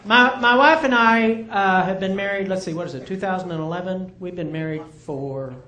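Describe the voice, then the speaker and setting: A man's voice: high-pitched, normal speed, pushed and bright. Man, middle-aged, stand-up comic, self-mocking storyteller, roomy live club sound. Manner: chatty, self-mocking, asks the crowd "right?". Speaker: stand-up comedian. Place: comedy club stage with live audience.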